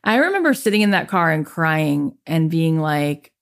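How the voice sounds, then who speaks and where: Speaking at a normal pace in a deep, creaky voice, this woman in her thirties appears as a podcast guest. She narrates her life story in an interview, animatedly performing the words others said to her.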